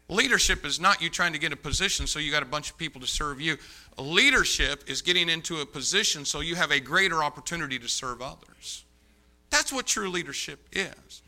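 A male pastor preaching a sermon, telling stories with animated dialogue and repeating his key points for emphasis. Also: on the high side. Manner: animated storyteller, acts out dialogue. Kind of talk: sermon with storytelling.

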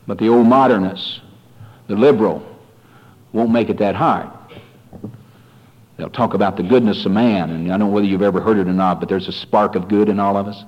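Fiery preacher on lo-fi radio. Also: male voice, fairly even intonation, brisk, pauses often. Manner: swings from low, quiet warnings to loud rising exhortation; addresses listeners as "folks", repeats phrases. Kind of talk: fiery revival sermon.

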